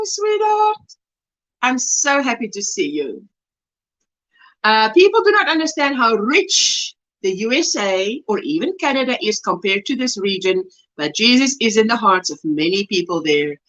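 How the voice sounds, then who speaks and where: A South African woman chats through a livestream, reading out viewers' messages and answering each in turn with frequent laughs. Her voice sits high and bright and swings widely in pitch as she talks. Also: sing-song, unhurried, poor audio. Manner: reads chat messages aloud warmly, laughing often. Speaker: livestream host. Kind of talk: casual livestream chat.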